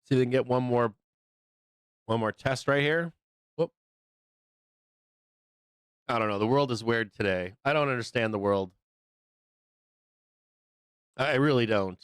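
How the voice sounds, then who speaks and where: A man's voice: medium pitch, measured pace, long pauses, smooth, no echo. Blunt, profane male trading-show host. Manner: blunt, profane, laughs often. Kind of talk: casual livestream chat.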